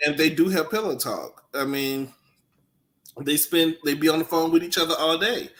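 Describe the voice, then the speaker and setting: Slightly high-voiced man co-hosting a chat. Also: normal speed, a bit bright. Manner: conversational, reasoning through his points. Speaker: co-host. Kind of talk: casual chat.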